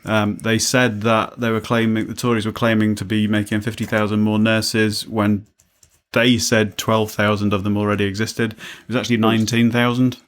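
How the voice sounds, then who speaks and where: A man's voice: on the low side, level tone, normal speed. A man co-hosting a casual chat podcast, rambling and jokey as he thinks aloud. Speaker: podcast co-host.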